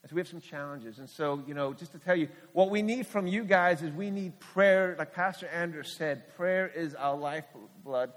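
A middle-aged man with a fairly high voice preaches a candid, personal testimony, often restarting his sentences as he goes. His words ring out with a long reverb trail from a large church hall. He speaks as a missionary pastor, earnest and plain. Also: normal speed, few pauses, fairly bright tone. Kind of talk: sermon testimony.

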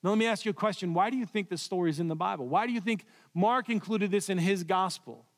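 A man preaching a sermon in a church, telling the story with swings from loud to hushed. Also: sits high, quick pace. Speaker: pastor. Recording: long reverb of a large hall.

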